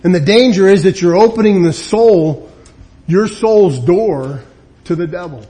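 High-voiced man preaching a sermon. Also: a little slow. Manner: emphatic, acts out quoted people with lively swings. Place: church or meeting room.

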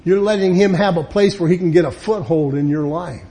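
High-voiced man preaching a sermon. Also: fairly quick. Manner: emphatic, acts out quoted people with lively swings. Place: church or meeting room.

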